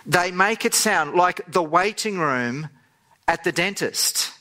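A man preaching a sermon, telling a story and acting out the voices in it with animated delivery. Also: high-pitched, slow pace.

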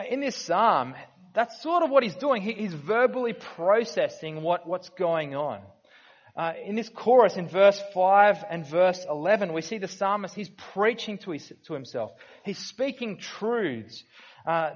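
A pastor preaching in an earnest, conversational way, often stopping to restart a thought. His voice sits a little high for a man. The recording is dull and lo-fi. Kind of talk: sermon.

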